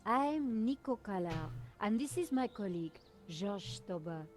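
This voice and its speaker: A woman voices a young French investigator in a video game, with a French accent. She sounds cool, direct and polite at a mid pitch, with light music behind. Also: lively intonation, measured pace, darkish tone, natural voice.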